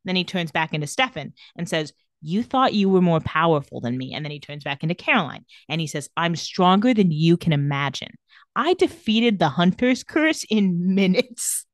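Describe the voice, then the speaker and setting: A woman's voice: lowish voice, expressive, normal speed, dry recording, clean studio sound. A young adult woman co-hosting a casual podcast, retelling TV scenes and acting out the characters' lines in playful voices. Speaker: podcast co-host recapping a TV episode. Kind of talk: casual chat.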